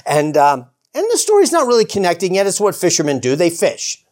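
A man teaching the Bible in a casual, animated way. He often chuckles, restarts his sentences and acts out the characters' lines. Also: high-pitched, moderate pace. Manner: rambling with many restarts and "you know".

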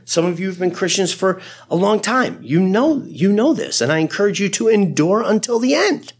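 A man who is a pastor, preaching a sermon in an animated, conversational way with frequent asides. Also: sits high, moderate pace, slightly rough.

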